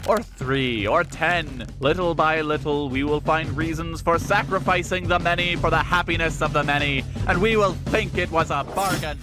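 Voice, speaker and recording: An actor playing a grave man who reasons slowly and solemnly about sacrifice. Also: on the high side, over music, natural voice.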